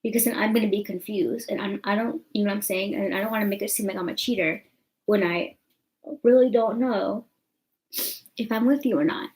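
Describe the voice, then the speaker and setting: A woman's voice: mid-range voice, fairly quick, darkish tone, poor audio. A young woman telling a story to her camera in a rambling, chatty way, full of fillers. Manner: chatty, rambling, full of fillers like "you know what I'm saying". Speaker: vlogger.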